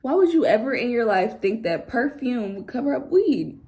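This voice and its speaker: A young woman telling a story casually to camera, animated and slangy, swearing often. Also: a little high, normal speed. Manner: animated storytelling, acts out others' voices. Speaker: vlogger.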